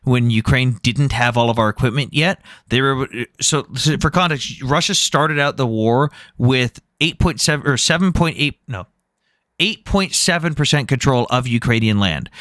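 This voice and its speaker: A man's voice: mid-range voice, moderate pace, fairly bright tone, dry recording, studio quality. Blunt, cursing man hosting a debate stream. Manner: blunt, argumentative, swears freely. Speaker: debate livestream host.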